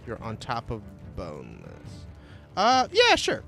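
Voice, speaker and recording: A man acting as game master, making rulings in a relaxed way and laughing often. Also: mid-range voice, a little slow, gravelly, faint music behind. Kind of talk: running a tabletop game.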